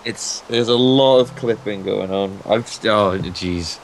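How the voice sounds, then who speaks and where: A man co-hosting a casual gaming video, playful and quick to laugh, talking into a desk microphone set beside his keyboard. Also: fairly low pitch. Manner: playful, puts on silly voices and laughs a lot. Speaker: co-host of a game series.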